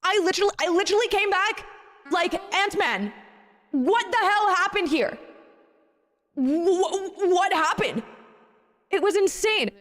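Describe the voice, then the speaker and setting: A woman talking casually on her stream, animated, playful and swearing. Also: extremely high pitch, unhurried, long pauses, no echo, clean studio sound. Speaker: VTuber in a played clip.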